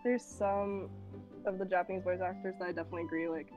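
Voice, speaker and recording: A woman chatting casually as a guest on a livestream, giggly and rambling, and a bit hoarse from losing her voice. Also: fairly low pitch, flat delivery, quick pace, muffled recording, faint music behind. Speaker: guest streamer. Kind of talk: casual chat while livestreaming.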